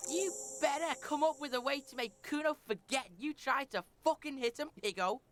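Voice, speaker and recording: Woman voicing a foul-mouthed game kid, boy around twelve, sneering, high voice, faint noise behind. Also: normal speed, lightly acted. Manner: sneering, profane taunting. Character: foul-mouthed scrappy pre-teen boy, hostile.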